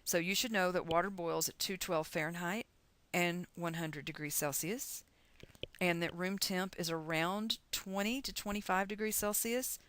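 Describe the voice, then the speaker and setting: A woman's voice: lowish voice, moderate pace, fairly bright tone, no echo. A middle-aged woman from the United States teaching chemistry in a recorded lecture, chatty and encouraging as she talks through calculations aloud.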